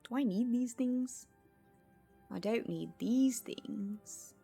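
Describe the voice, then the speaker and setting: A woman's voice: fairly high pitch, slow pace, creaky, dark tone, slightly rough. A woman streamer giving casual gameplay commentary, thinking aloud to herself in a chatty way and laughing easily. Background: faint music.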